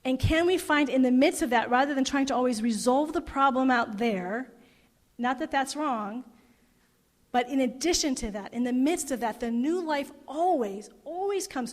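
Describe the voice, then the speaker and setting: A middle-aged woman minister giving a sermon, telling a story with emotion and voicing the people in it. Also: high voice. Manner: emotive, retelling a story with quoted voices. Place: parish hall. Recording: long hall reverb.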